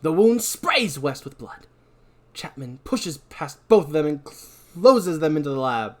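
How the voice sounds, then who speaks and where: A man hosting a podcast, recapping a movie scene by scene with animated storytelling and self-deprecating asides. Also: a little high, a little slow. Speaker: podcast host.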